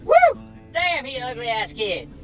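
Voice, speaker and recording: A man's voice: extremely high pitch, very animated, slow, faint music behind, pitched above the performer's own voice, heavily acted. Man doing a hooting rowdy bystander. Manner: hooting, shouting from off-mic.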